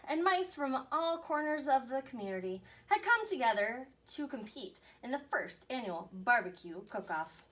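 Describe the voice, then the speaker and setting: A woman teacher reading a picture book aloud to young children with expressive storytelling. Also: fairly high pitch. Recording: voice a bit far from the mic.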